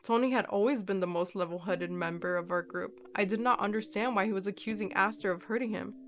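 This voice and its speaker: A woman reading a horror story aloud in a steady, measured narration. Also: medium pitch, a little hiss or hum.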